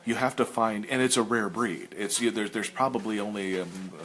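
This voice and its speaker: Guy ranting in a casual sketch chat, lowish voice, trips over words, faint hiss behind. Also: moderate pace. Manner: animated ranting with stammered restarts.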